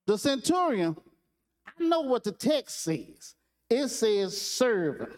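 A man preaching a sermon, retelling a story with lively restarts and repetitions. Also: very high-pitched, takes it slowly. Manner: animated storytelling with repeated restarts.

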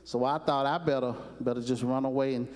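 A troubled boy stumbles through a halting confession, as a preacher puts him on. His words come out in broken, stammering bits. A long hall reverb surrounds the voice. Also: mid-range voice, steady tone, darkish tone, close to an everyday voice. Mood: sheepish. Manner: hesitant, stammering. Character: troubled young boy who ran away.

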